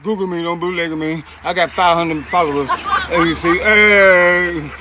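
Rambling man on the street, high-ish voice, phone recording with heavy traffic noise. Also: unhurried. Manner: excitable, rambling, repetitive calls of "hey". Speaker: man on the street filmed by bystanders.

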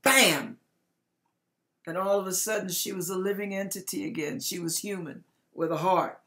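An older woman preacher giving a dramatic testimony, swinging from loud outbursts to hushed lines in an emphatic, folksy way. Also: mid-range voice, normal speed. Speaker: ministry preacher.

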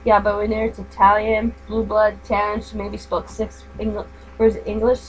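A woman's voice: mid-range voice, completely flat delivery, normal speed, a little hiss or hum, rough recording. An older woman with a grandmother's manner, chatting and rambling while crafting at home. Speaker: craft vlogger. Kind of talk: casual chat while crafting.

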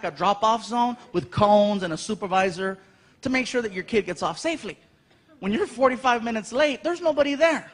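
A man's voice: sits high, fairly bright tone. A man in his thirties performing a stand-up comedy set, telling stories animatedly and acting out many voices. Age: 30s. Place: large live venue.

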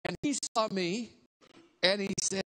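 A guest preacher with a fairly high voice, speaking a little slowly, delivers a storytelling sermon with great animation. He acts out the scene, swinging between hushed asides and sudden shouted lines.

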